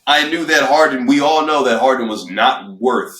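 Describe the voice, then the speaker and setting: A man's voice: mid-range voice, moderate pace, a bit bright. A man co-hosting a sports podcast, chatting casually in a laid-back way. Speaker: podcast co-host. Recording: echoey room, mic at a distance.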